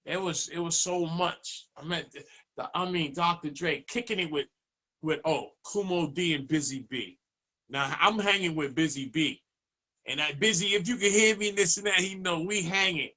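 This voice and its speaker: A man tells stories as a DJ guest in a relaxed interview. His voice sits a bit high and bright, and it jumps up when he plays out other people's lines. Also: moderate pace. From Boston, USA. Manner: animated, acts out dialogue in raised voice. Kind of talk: casual storytelling interview.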